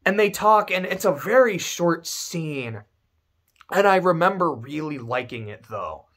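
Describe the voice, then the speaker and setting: A man's voice: on the high side, expressive, a little slow, fairly bright tone. A young man giving a casual spoken game review, rambling, correcting himself and swearing casually.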